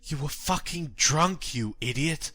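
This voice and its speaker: A man's voice: fairly low pitch, big pitch swings, slow pace, fairly bright tone, dry recording, full character voice. A man voicing a grief-stricken old man in his seventies who screams furious accusations.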